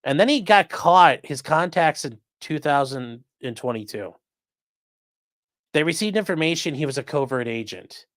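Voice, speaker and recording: A man's voice: a little high, expressive, normal speed, a bit bright, dry recording, clean studio sound. A man hosting a casual commentary show who swears freely and acts out the quoted lines in changing voices. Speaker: host.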